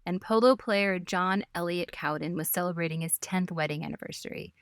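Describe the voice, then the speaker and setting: A woman's voice: lowish voice, fairly quick, smooth, no room sound, clean studio sound. A woman co-hosting a casual history podcast, telling stories with playful asides and laughs. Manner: giggly storyteller, playful asides. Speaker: podcast co-host.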